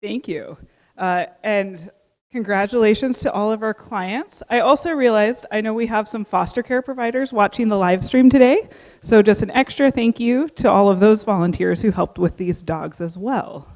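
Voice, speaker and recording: A woman's voice: mid-range voice, moderate pace, a little mellow. Woman presenter with long reverb. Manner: clear and informative. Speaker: guide dog trainer. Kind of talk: explanatory presentation.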